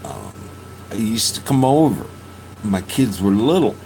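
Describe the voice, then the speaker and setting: Man, 50s, podcast host; low voice, slow, profane, halting storyteller. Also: sing-song, gravelly, dark tone, a little hiss or hum, low-quality recording. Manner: profane, halting, with frequent restarts. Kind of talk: emotional personal storytelling.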